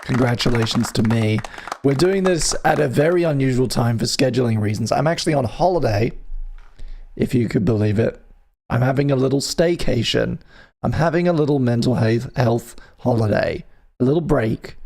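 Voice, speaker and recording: Over a faint crowd in the background, a UK host of a live music stream banters loosely with his audience, teasing and wandering from topic to topic. He speaks at normal speed with a medium-pitched voice that's creaky and a little mellow.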